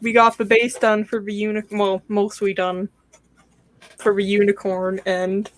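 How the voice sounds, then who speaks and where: A woman's voice: mid-range voice, little pitch movement, unhurried, noisy background. A woman chatting casually on a hobby livestream with a dry, joking manner.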